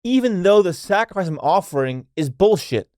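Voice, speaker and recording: A man's voice: sits high, expressive, moderate pace, a little mellow, dry recording, clean studio sound, voice pushed up. A man voicing a resentful man who defiantly curses God. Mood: bitter. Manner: bitter, defiant.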